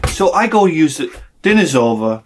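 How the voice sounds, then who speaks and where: A man's voice: fairly high pitch, sing-song, moderate pace, soft background music. A man telling an exasperated, profane story in a sarcastic comic rant on his vlog. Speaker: vlogger.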